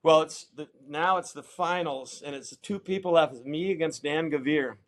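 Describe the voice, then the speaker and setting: A middle-aged American man telling stories in a casual interview, animated and acting out quoted voices. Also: a little high, moderate pace. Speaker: interview guest, champion kayaker.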